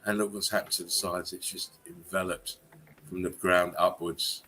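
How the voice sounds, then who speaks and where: A man hosting a casual live-stream chat, often bursting into high laughter. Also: flat delivery, moderate pace, pushed and bright, a little hiss or hum. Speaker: channel host.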